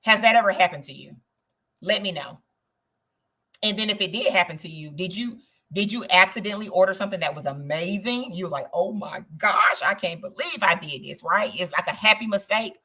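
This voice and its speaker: A woman hosting a live travel stream, chatting in an animated way and talking straight to her viewers. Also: medium pitch, fairly quick. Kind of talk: casual livestream chat.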